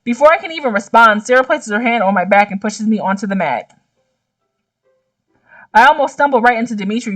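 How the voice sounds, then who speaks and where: A young woman gaming YouTuber reading a visual novel aloud, breaking off with slangy, animated reactions. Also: medium pitch, distant mic.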